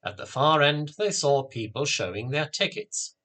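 A man narrating a children's story in a steady, clear reading voice. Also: medium pitch, moderate pace.

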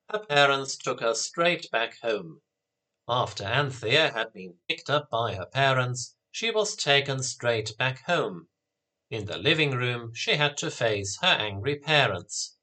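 A man narrating a story in a measured, plain way. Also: medium pitch, expressive, bright, forceful tone.

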